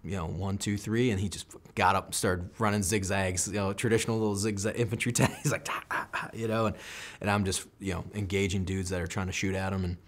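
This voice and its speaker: A deep, low-pitched American man in his thirties tells a war story in an interview. He recounts the action intensely in the first person and slips into the voices of the people involved. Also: flat delivery, fast talker. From United States. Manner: intense first-person combat recounting, acts out quoted lines. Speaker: military veteran guest.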